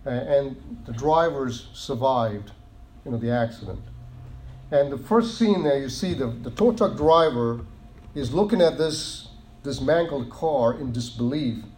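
A male preacher gives a sermon in a mid-pitched voice. He is earnest, repeats himself and restarts his phrases, and slows down to hammer key words home. A faint hiss sits under the recording. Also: expressive, darkish tone.

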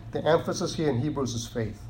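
A man preaching a sermon in an earnest way, often restarting phrases and slowing down to stress key words. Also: on the high side, sing-song, mellow, slight background noise.

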